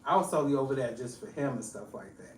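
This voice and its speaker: A woman's voice: extremely low pitch, animated, fast, slight background noise. A woman chatting casually as a podcast guest, blunt and joking, laughing often. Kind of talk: casual chat. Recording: echoey room, mic at a distance.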